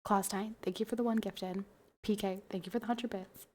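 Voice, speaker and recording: A woman's voice: medium pitch, fairly even intonation, a little fast, darkish tone, a little hiss or hum. A young woman streaming casually, a little tipsy from wine, giggling as she chats and thanks her viewers. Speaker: livestreamer. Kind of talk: casual stream chat while drinking wine.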